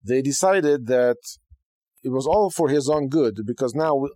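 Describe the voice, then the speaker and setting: A man's voice: mid-range voice, unhurried, no echo. Dry-voiced man teaching casually. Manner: conversational, animated, frequent okay and right asides. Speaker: podcast host teaching Judaism.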